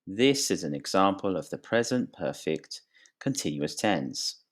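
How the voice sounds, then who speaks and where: A man with a deep, low voice teaches English grammar at an unhurried pace. He explains each point slowly and clearly, his voice rising on questions to draw the viewer in. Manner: slow, clear and lively, rising pitch on questions. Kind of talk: grammar lesson to camera.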